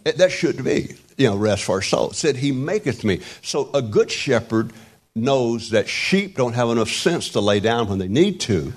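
A man in his sixties preaching an informal sermon, rambling and halting with many restarts and wry self-deprecating humor. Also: mid-range voice, very animated. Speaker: pastor.

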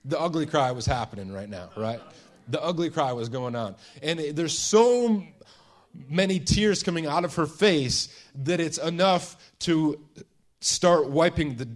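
A man preaching a sermon, retelling a scene with hushed and emphatic turns and many restarts. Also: a little high, lively intonation. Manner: storytelling, dramatizing a scene with voiced quotes; pauses and restarts, shifts between hushed and emphatic.

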